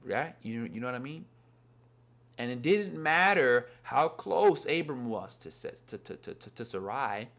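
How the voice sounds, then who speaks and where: A man's voice: mid-range voice, lively intonation, measured pace, gravelly, a bit bright. A young man giving a casual, earnest Bible lesson, rambling and repeating "you know what I mean.". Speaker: Bible study teacher. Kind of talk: casual devotional talk.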